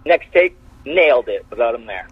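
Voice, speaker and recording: A man's voice: medium pitch, normal speed, slightly rough. A man, a wrestler guest, telling backstage stories in casual chat and acting out the quotes. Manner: animated, acts out quotes in changed voices. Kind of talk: casual storytelling. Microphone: phone call. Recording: tinny phone line.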